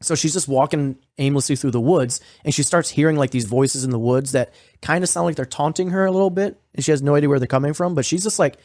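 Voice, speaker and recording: A man's voice: on the high side, quick pace, hardly any pauses, a little mellow, dry recording, studio quality. A man co-hosting a podcast, recapping a horror series in casual, profane, rambling talk full of fillers. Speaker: podcast co-host.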